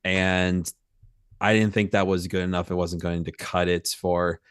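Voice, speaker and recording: Smooth, low-voiced earnest man. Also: level tone, a little slow, dry recording, studio quality. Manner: earnest, hedging with fillers. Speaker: new voice actor. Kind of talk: casual stream chat.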